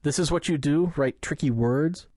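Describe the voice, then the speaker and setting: A man's voice: a little high, normal speed, dark tone, dry recording, pitched above the performer's own voice, lightly acted. Guy doing a russian cab driver, blunt middle-aged man, short doubtful questions, dry sound. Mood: skeptical.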